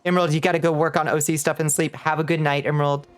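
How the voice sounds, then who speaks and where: A man's voice: on the high side, flat delivery, racing, smooth, no room sound. A man streaming a game live, chatting casually with viewers, greeting them and laughing often, with a light lilt. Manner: playful, greets chat warmly, laughs often. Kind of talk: casual live-stream chat while gaming. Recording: faint music behind.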